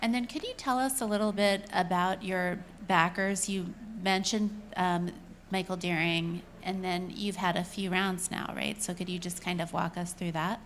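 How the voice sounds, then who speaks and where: A woman's voice: lowish voice, steady tone, normal speed, fairly bright tone. A woman interviews a guest at a live event. She asks plain questions and steers the talk with short acknowledgments, over a faint background hiss. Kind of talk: onstage interview. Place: event stage before an audience.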